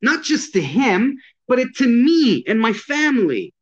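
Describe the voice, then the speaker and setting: A man's voice: very high-pitched, big pitch swings, a little slow. A man who teaches de-escalation talks bluntly and emphatically in a casual conversation, swearing often. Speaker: de-escalation and self-defense instructor. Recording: dull lo-fi sound.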